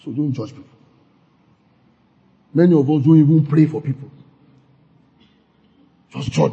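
A man preaching a sermon as a pastor. He swings suddenly between loud and soft, acts out quoted gossip and repeats lines for emphasis. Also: fairly high pitch, a little slow, creaky, long pauses, slightly rough. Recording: dull lo-fi recording.

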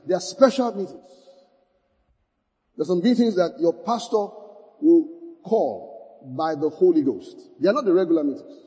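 A man preaches to his congregation from a big, echoing hall, his high voice leaping up and down. His tone is mellow and dark even when he presses a point. He keeps checking in with the room and repeats his lines to drive them home. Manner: call-and-response preaching, repeating phrases. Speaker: pastor. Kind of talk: sermon. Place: church hall.

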